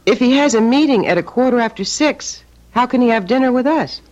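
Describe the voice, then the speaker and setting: A woman's voice: fairly high pitch, expressive, a little fast, darkish tone, lightly acted. A woman playing a sarcastic, needling wife. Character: sharp-tongued, sarcastic middle-aged businessman's wife. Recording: dull old radio drama recording with music.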